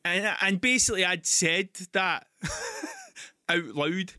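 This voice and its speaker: A Scottish man hosting a podcast, telling stories in an animated, sweary, ranting way. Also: high voice, slow pace, pauses often, no room sound, clean studio sound. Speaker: podcast host. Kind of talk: casual monologue.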